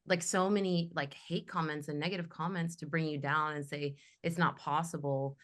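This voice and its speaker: A woman's voice: fairly low pitch, fairly even intonation, brisk, hardly any pauses. A young woman who sings in a metal band, speaking passionately in a casual panel discussion and telling her stories with animation. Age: young adult. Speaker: guest, metal vocalist.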